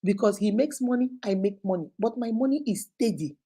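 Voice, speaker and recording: A middle-aged Nigerian woman hosting a relationship advice talk, telling a listener's story in a casual, animated way and acting out what people said. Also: mid-range voice, brisk, husky. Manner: animated, acts out quoted speech.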